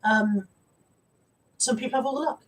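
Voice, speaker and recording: A woman's voice: sits high, moderate pace, recorded from a distance, poor audio. A woman hosting a casual live stream, chatty and rambling as she greets viewers. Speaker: live-stream host and reseller.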